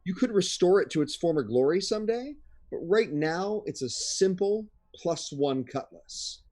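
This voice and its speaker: A man running a tabletop game as its game master, in a slightly high voice that moves a lot in pitch. He talks casually, with plenty of ums and uhs. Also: animated, moderate pace, darkish tone. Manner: casual, lots of fillers.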